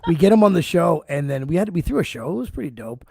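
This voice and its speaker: A man's voice: fairly high pitch, big pitch swings, fast talker, vocal fry, dark tone, slightly rough, no room sound, clean studio sound. A man in his forties hosting a podcast, telling loose stories in casual chat, swearing often and laughing between lines. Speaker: podcast host.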